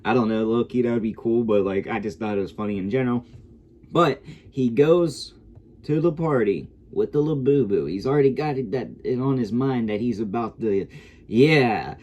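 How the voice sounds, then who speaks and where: A man's voice: medium pitch, moderate pace, a little mellow, highs cut off. A man giving a casual, rambling review of a TV episode, swearing freely as he goes. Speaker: show reviewer.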